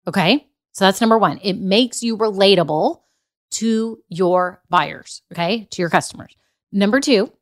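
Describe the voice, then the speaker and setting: A middle-aged woman coaching business owners on a solo podcast, chatty and emphatic, repeating her points and poking fun at herself. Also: medium pitch. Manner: emphatic and repetitive, chatty storytelling; self-deprecating, casual fillers. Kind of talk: solo podcast talk, motivational.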